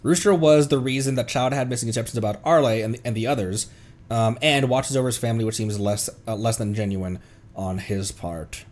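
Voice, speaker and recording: A man giving casual livestream reaction commentary, rambling and hesitant with many restarts and bursts of excitement. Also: mid-range voice, brisk. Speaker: streamer.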